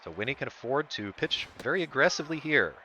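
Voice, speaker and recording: A man's voice: mid-range voice, sing-song, fast talker, bright, forceful tone, slight background noise. A man streaming a baseball video game, commentating it like a broadcaster whose voice jumps up on big plays. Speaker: streamer doing play-by-play. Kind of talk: sports-style play-by-play commentary of a video game.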